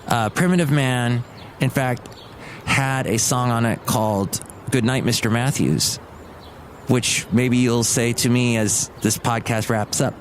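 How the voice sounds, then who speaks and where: Rambling, chatty podcast host. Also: male voice, mid-range voice, steady tone, measured pace, slight background noise. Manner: rambling, chatty, wanders off topic. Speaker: podcast host and radio worker. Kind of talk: rambling solo comedy podcast.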